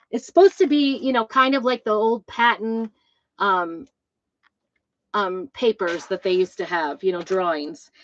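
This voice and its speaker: A woman's voice: fairly high pitch, dry recording. A woman casually showing off new craft designs, chatty and rambling, with lots of ums and asides. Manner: self-described trumpet player, fussy about instrument details. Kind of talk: casual show-and-tell vlog. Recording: dull, slightly lo-fi dry recording.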